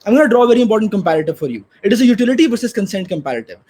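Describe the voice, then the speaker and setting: Young male debater, high voice, heated and emphatic, swears when frustrated. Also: big pitch swings, rapid-fire, warm tone. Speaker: debate reply speaker. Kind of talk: competitive debate speech.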